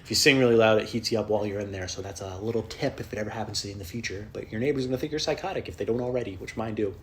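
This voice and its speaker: A man's voice: lowish voice, very fast, a bit bright, a little hiss or hum. A man hosting a podcast, ranting casually on his own, rambling and swearing often, restarting his sentences as he goes. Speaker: podcast host. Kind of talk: casual solo rant.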